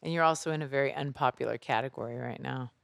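A man co-hosting a casual podcast chat about stand-up, giving quick backchannel replies and laughing along. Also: mid-range voice, vocal fry, fairly bright tone.

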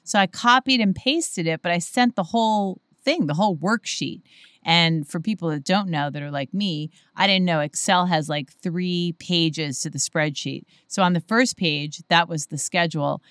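A woman with a slightly low voice tells stories in a relaxed chat, acting out every quote she remembers. Her voice sits close and dry with no room sound at all. She laughs often as she talks. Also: normal speed, dry recording. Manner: animated storyteller, acts out quotes, laughs often. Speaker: comedy club manager, podcast guest. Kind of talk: casual storytelling chat.

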